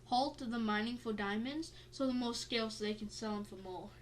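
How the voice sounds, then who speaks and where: A woman's voice: on the high side, moderate pace, slight background noise. A woman co-hosting a podcast in casual chat, tired and yawning, playful and jokey as she wanders off-topic. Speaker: podcast co-host.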